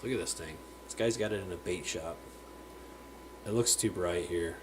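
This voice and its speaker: Speaking at a normal pace in a low-pitched voice, a man hosts a casual live stream from his home fish room full of aquariums, with background noise around him. He chats freely, greets viewers by name, and stumbles over words now and then.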